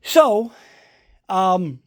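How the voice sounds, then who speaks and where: Man, slightly high voice, casual home vlog, rambling and profane. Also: big pitch swings, extremely slow. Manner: rambling storyteller, swears a lot, "blah, blah, blah". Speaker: collector showing a movie prop. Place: indoors at home.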